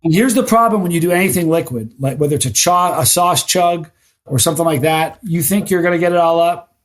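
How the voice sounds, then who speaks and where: A man telling animated stories as a podcast guest, casual and full of restarts. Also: a little high, fairly quick. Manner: animated storyteller with frequent restarts. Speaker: guest, spicy food challenge creator.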